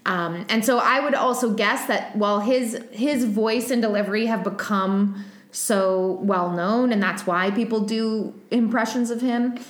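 This woman's voice is medium-pitched and unhurried, with a reverberant sound. She's co-hosting a podcast, chatting casually with lots of fillers and laughter.

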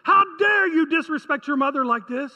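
A man's voice: extremely high pitch, expressive, moderate pace, sharp tone, big-room sound, exaggerated voice. A preacher voicing a hurt, indignant mother scolding her child. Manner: indignant, listing grievances.

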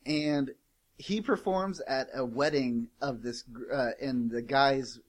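A man's voice: medium pitch, slow. A man co-hosting a podcast, telling a story casually with lots of "like" and swearing. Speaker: podcast co-host.

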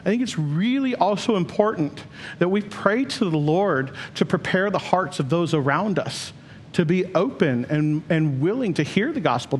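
A man's voice: high-pitched, a little hiss or hum. A man preaching a sermon as pastor, earnest and building to emphatic questions.

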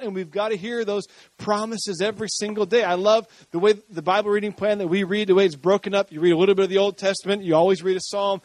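A man with a high voice preaches a lively sermon to his congregation. His tone climbs as he builds energy, with light jokes along the way. The sound is close and dry. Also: fast, no room sound. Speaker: pastor.

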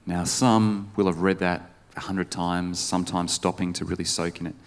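A man's voice: sits low, level tone, normal speed. A male pastor preaching a conversational sermon, putting questions to the congregation. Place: church service.

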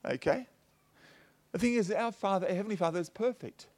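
A man's voice: high voice, brisk, a little mellow. A middle-aged man preaching a conversational sermon, telling personal stories and checking in with his listeners by asking "okay?". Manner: chatty and personal, tags points with "okay?" and "you know". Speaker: pastor.

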